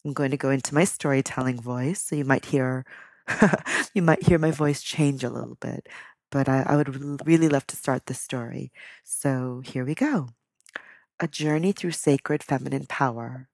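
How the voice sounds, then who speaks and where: Low gravelly woman coach, soft and unhurried. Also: no room sound, clean studio sound. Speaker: spiritual coach. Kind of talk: spoken talk then storytelling reading.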